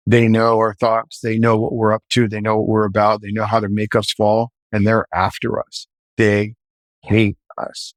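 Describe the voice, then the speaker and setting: A man, a former police officer, telling a story in an earnest, animated way. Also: on the low side, moderate pace, no echo. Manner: earnest, animated, shouts in quoted lines. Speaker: former navy chief and police officer, guest. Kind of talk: casual storytelling.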